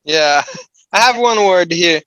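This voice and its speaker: Slow hesitant student, bright voice. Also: mid-range voice, animated, no echo, low-quality recording. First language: not English. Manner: hesitant, searching for words. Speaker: adult ESL student. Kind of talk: class participation. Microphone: video call.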